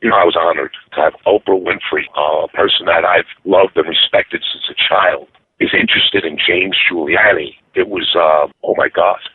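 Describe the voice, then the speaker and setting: A man's voice: sits low, fairly even intonation, moderate pace, few pauses, husky, dry recording. A man, talking earnestly and streetwise as a guest, often laughing. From Brooklyn, New York. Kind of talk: casual interview chat. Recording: dry tinny phone-like line.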